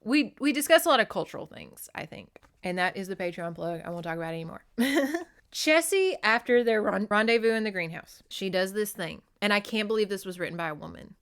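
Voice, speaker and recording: A woman podcast host recapping a trashy novel in casual chat. She is animated and profane and laughs often as she talks. Her voice sits at a middle pitch for a woman.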